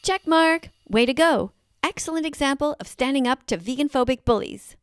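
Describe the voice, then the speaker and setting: A woman's voice: high-pitched, lively intonation, moderate pace, slight background noise. A woman hosting casual commentary over activist videos, talking in an emphatic, enthusiastic way. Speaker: host reacting to activist videos.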